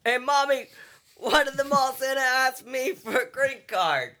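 A man's voice: very high voice, a little slow, pushed and bright, slight background noise, voice pushed up, heavily acted. A man voicing a child with a put-on Italian-Boston accent at a friends' party game. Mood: whiny.

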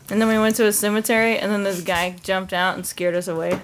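A woman co-hosting a casual podcast, chatty and animated when she tells stories. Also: medium pitch, a little fast, a little hiss or hum. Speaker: podcast co-host. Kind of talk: casual chat.

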